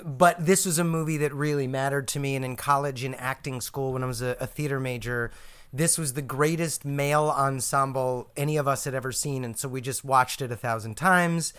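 A man talking as a guest on a comedy game podcast, telling stories in a halting, self-interrupting way. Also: mid-range voice, fairly even intonation, a bit bright, clean tone. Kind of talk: casual chat.

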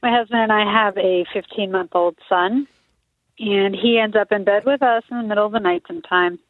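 A woman, a listener, telling a personal anecdote in a steady, plain way. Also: medium pitch, no room sound. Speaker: listener sharing a story. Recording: tinny phone line.

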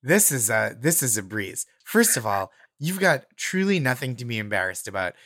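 A man's voice: mid-range voice, very animated, normal speed, fairly bright tone, no room sound, studio quality. A male comedian giving an earnest, articulate, reassuring mock pep talk. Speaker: comedian guest.

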